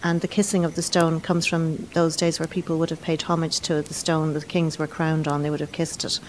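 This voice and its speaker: A woman's voice: sits low, little pitch movement, brisk, a little mellow, slight background noise, poor audio. An Irish woman, a head gardener, answering interview questions in a plain, matter-of-fact way. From Ireland.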